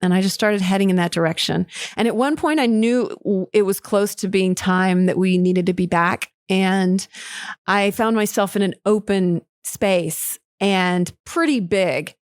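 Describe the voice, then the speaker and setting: A woman's voice: mid-range voice, measured pace, dry recording. Candid woman podcaster, dry close sound. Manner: candid, emotional, swears casually, laughs often. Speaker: podcast host. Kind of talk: personal storytelling monologue.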